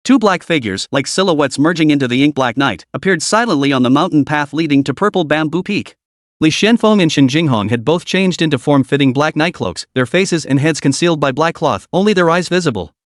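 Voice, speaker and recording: A man giving steady, scripted recap narration of a fantasy story. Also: on the high side, fairly quick, dry recording, studio quality.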